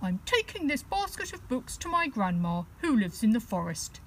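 A woman voicing a small, polite boy teddy bear in a children's storybook, pitched up and timid. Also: very animated, normal speed, fairly bright tone, slight background noise, low-quality recording. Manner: high, polite and increasingly frightened.

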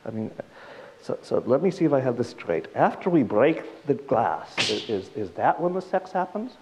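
A man's voice: mid-range voice, big pitch swings, moderate pace, noisy background. A man voicing a nervous sixteen-year-old boy asking a rabbi hesitant questions, in a joke told on stage. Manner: hushed, hesitant.

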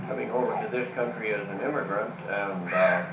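A man telling jokes to his family in a slow, halting way full of uh's and repeats, caught on a home video. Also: fairly low pitch, far from the mic, background noise. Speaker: family joke teller. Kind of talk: casual joke telling. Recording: roomy home video from afar.

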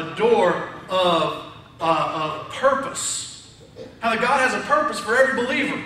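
A man's voice: high voice, bright, forceful tone, slight background noise. A man preaching a sermon to his congregation in a conversational, joking way. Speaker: pastor. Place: church sanctuary. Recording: echoey church from far off.

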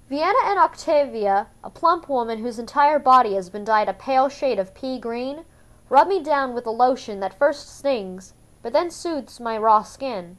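A woman reading a first-person novel aloud for a fan-made audiobook, in a measured, subdued way. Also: high voice, lively intonation. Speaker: audiobook reader.

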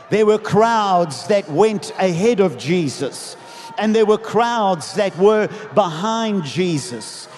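High-voiced impassioned pastor. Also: male voice. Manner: impassioned, often shouting, leading congregation in declarations. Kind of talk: sermon. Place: large church dome. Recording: long hall reverb.

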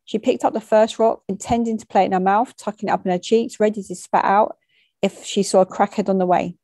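A woman narrates a short story in a measured, matter-of-fact way, with bits of street slang. Her voice is mellow and mid-pitched. The recording is dry and close. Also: fairly even intonation, no room sound. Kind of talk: reading a short story aloud.

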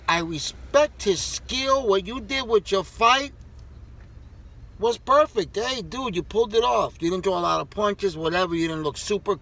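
A man's voice: sits high, pushed and bright. A man who wrestles, ranting to camera in a heated, profane, rambling way. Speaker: wrestler vlogger.

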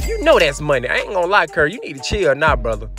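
A young man commentates his basketball video game for his chat in a high, bright, sharp-edged voice. He trash-talks loudly and slips into a sing-song lilt. Faint game music runs underneath. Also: fast. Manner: loud, animated trash talk to chat, sometimes sing-song. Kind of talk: hyped gameplay commentary.

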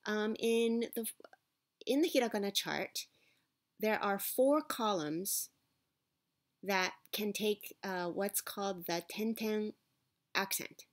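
A woman's voice: mid-range voice, slow pace, long pauses. A woman teaching a language lesson, explaining patiently with small fillers and asking "right?" to check understanding. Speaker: Japanese teacher.

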